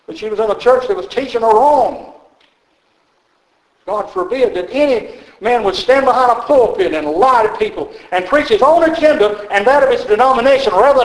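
In a church sanctuary, an older man gives a sermon as pastor, spinning folksy stories and frequently chuckling. His high-pitched voice reverberates, and the audio quality is poor.

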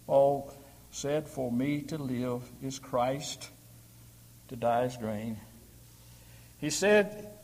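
Preacher in a reverberant hall. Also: male voice, mid-range voice. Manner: rising to emphatic, forceful peaks, asking the congregation questions. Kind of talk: sermon.

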